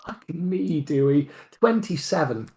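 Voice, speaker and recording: A tabletop player who talks slowly, stopping and restarting mid-sentence. The voice has a gravelly, creaky edge. The player is working out their character's moves aloud. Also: medium pitch, expressive, warm tone, low-quality recording. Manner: slow, halting, many restarts. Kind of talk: playing a tabletop game.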